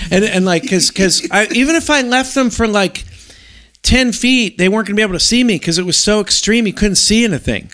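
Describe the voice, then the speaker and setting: Rambling storyteller man, animated. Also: high voice, a little fast. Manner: animated, rambling with many restarts and "like". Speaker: guest telling a story. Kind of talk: casual storytelling.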